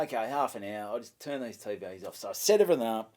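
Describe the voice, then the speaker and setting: A man's voice: lowish voice, quick pace, mellow. A man with an Australian accent, a stand-up comedian, telling a story in casual chat, swearing freely and acting out both sides of each exchange.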